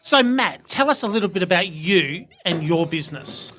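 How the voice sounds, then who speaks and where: A man's voice: sits high, animated, moderate pace, pushed and bright. A man with an Australian accent hosting a live radio interview at a networking event, upbeat presenter manner. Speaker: radio host.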